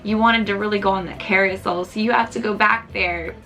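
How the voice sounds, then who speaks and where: A woman's voice: mid-range voice, fairly even intonation, a little fast, sharp tone, a little hiss or hum. A young woman vlogger telling a personal story in a chatty, casual way, full of "like", tearful at moments. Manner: chatty, heavy use of "like", emotional at times.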